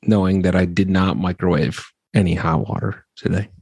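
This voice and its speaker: A man's voice: deep voice, steady tone, moderate pace, creaky, darkish tone, slightly rough, no room sound. A man from Wisconsin talks with a strong Midwestern accent and its hard R's. He co-hosts a podcast and chats casually, teasing and laughing often. The sound is dry and close, with no room around it. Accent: Wisconsin (Midwestern American). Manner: joking, laughs often, jumps into voices. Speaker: podcast co-host. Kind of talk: casual chat.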